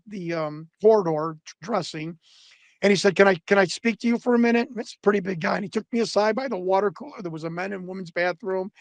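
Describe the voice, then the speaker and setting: A middle-aged man telling a profane, animated backstage story in casual conversation. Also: high voice, dry recording. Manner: profane, animated anecdotes with quoted voices. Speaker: guest storyteller.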